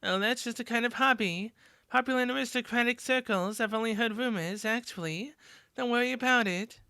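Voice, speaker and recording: A woman's voice: on the high side, a little fast, bright, forceful tone, clean tone, no room sound. A woman voicing a refined, wordy former noble schoolgirl with formal, polished speech.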